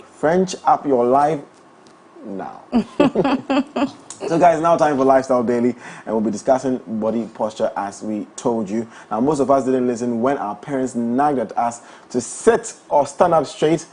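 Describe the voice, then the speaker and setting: A young man hosting a breakfast talk show, playful and quick to laugh, also reading live ads. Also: medium pitch, a little mellow. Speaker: morning show host. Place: studio.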